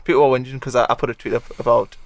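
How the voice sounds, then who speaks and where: A man's voice: mid-range voice, level tone, very fast, no echo. A man co-hosting a football podcast, earnest and argumentative, stumbling over words now and then. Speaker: podcast co-host. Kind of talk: casual football chat.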